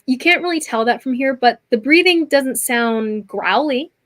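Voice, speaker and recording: A woman's voice: high voice, expressive, normal speed, fairly bright tone. A woman narrating a tabletop game as game master, chatty and full of fillers. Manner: chatty, many fillers and restarts.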